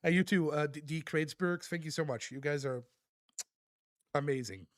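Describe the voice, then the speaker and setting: A man live-streaming, reading chat aloud and thanking viewers in a relaxed, laughing manner. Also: on the high side, normal speed, no room sound, studio quality. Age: adult.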